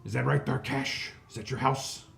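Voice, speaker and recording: A man voicing a fat, greedy male hobgoblin boss who is loud, boastful and blustering, in a tabletop game. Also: mid-range voice, steady tone, normal speed, creaky, voice pushed up. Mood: scheming. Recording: echoey room, some noise.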